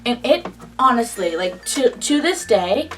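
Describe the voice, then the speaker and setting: A woman's voice: on the high side, a little slow, far from the mic, faint music behind. Fired-up young woman telling a story. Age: early 20s. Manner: animated, indignant, swears freely. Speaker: vlogger. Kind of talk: casual storytime.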